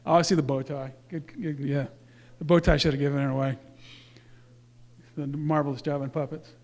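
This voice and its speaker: A man's voice: a little high, level tone, moderate pace, a little mellow. A man speaking casually to a church congregation, presenting youth awards in a rambling way with fillers and self-corrections.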